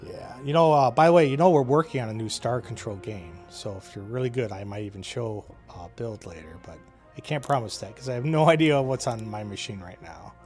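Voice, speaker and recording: A man talks through his moves in a space strategy game, musing aloud in a relaxed, wry voice full of "uh"s and quick laughs. His pitch sits in an ordinary middle register. Soft game music plays beneath him. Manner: thinking aloud, wry, with frequent "uh" and short laughs. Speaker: game developer playing his own game. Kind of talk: casual gameplay commentary.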